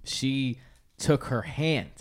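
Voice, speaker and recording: A man's voice: medium pitch, extremely slow. A man telling funny stories in a casual chat with friends, acting out the voices of the people in them. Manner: animated storyteller, acts out quotes.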